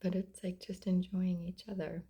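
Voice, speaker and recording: A middle-aged mother talking about faith and self-love in a casual vlog, often dropping into soft whispers. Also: lowish voice, flat delivery, moderate pace, husky. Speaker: mother sharing reflections. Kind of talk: casual heartfelt vlog talk.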